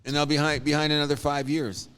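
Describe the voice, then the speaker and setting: A man co-hosting a casual sports podcast, rambling and animated with frequent restarts. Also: fairly high pitch, fast, clean tone. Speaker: podcast co-host.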